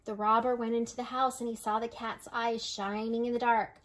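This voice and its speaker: An older woman reading a storybook aloud to children, gentle and unhurried, slowing on dramatic phrases. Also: a little high, level tone. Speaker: storybook reader.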